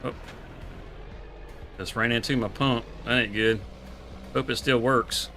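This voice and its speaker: A man's voice: mid-range voice, fairly even intonation, measured pace, sharp tone, soft background music. A man, streaming a farming game and chatting casually with laughs and country phrasing. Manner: laid-back, laughing, drawling country talk. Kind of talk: casual live gameplay chat.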